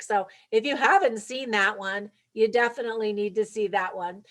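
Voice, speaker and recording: A woman talking through a movie review for her viewers, chatty and upbeat, with light laughs. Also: a little high. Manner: talks straight to viewers. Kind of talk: casual movie review vlog.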